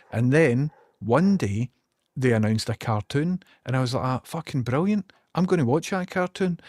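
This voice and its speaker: A man's voice: mid-range voice, a little mellow, no room sound, clean studio sound. A Scottish man chatting casually on a live stream, swearing and ranting while he multitasks. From Scotland.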